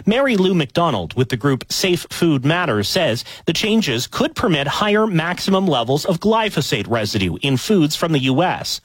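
A man reading a filed news report with a lively, inflected delivery. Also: fairly high pitch, normal speed, few pauses, husky, no echo.

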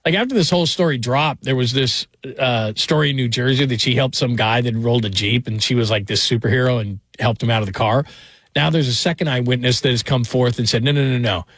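A man's voice: mid-range voice, brisk, a bit bright, husky, no room sound. A man hosting a sports talk radio show, chatting casually and rambling through stories with small laughs. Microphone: studio microphone.

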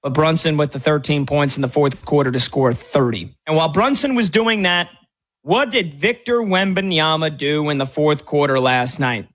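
A brash sports radio host, a man with a high voice, hammers his point home with stats and scorn. He talks straight to his listeners in a combative, mocking way. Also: normal speed, a bit bright. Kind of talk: sports talk commentary.

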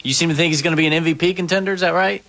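A man's voice: on the high side, fairly even intonation, very fast, fairly bright tone. A man hosting a sports talk show, posing questions casually. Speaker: show host.

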